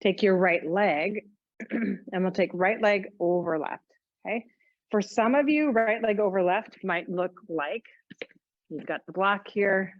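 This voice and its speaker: Female yoga teacher, chatty and joking, slightly low voice, dull dry recording. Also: dry recording. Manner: chatty, joking asides while cueing moves. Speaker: yoga instructor. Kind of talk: guided exercise class instruction.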